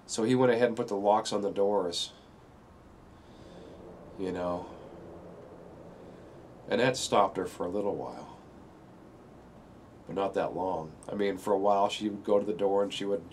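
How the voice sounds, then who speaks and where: Low-voiced man, rambling and emotional. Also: darkish tone, a little hiss or hum. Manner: rambling, fills pauses with "you know", strained and close to breaking down. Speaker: video speaker sharing a personal story. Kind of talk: emotional personal monologue.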